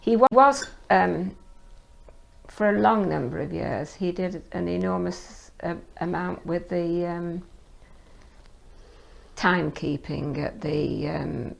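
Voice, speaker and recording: A woman's voice: on the low side, slow, creaky, poor audio. An older woman, recalling details hesitantly in an oral history interview.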